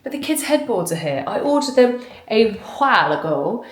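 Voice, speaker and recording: A woman's voice: fairly high pitch, very animated, normal speed, echoey room, low-quality recording. A woman chatting casually and gushing as she unboxes things at home in an unboxing vlog. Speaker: vlogger. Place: home, indoors.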